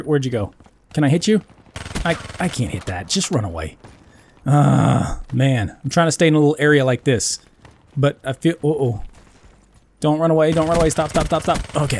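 A man's voice: mid-range voice, darkish tone. A man hosting a gaming channel, giving casual, joking commentary while he plays and swearing when things go wrong. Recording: faint noise with game gunfire behind.

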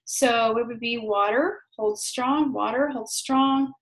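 A woman healer leading a guided healing session, speaking slowly and soothingly, repeating phrases. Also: fairly high pitch, poor audio. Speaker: energy healer.

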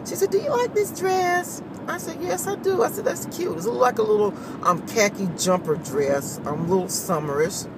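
A woman chatting casually to her viewers, laughing often and saying y'all, recorded on a phone camera. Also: medium pitch. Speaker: vlogger. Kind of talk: casual morning chat to viewers. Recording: distant phone mic with steady noise.

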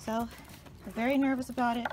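A woman vlogging outdoors, chatting easily to her viewers and calling them y'all while she walks her dogs. She talks to the camera on a handheld phone, and steady outdoor noise runs under her voice. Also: a little high, brisk. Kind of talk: casual vlog chat. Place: outdoors on a hiking trail, then a home yard.

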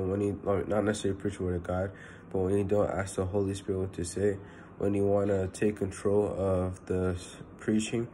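A man's voice: sits low, warm tone, a little hiss or hum. A young man giving a casual, earnest spoken sermon, rambling with constant "you know" fillers. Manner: earnest and personal. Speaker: preacher.

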